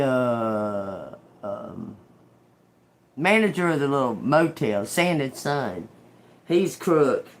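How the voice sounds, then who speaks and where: A middle-aged woman telling a story in casual chat, swearing freely and breaking into laughter. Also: low voice. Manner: profane, laughs often while telling. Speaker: tarot reader and channel host.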